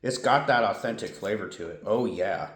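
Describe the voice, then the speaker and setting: A man's voice: lowish voice, moderate pace, fairly bright tone, reverberant. A man reviewing snacks and drinks in a casual vlog, chatty and thinking aloud, often correcting himself. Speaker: food reviewer.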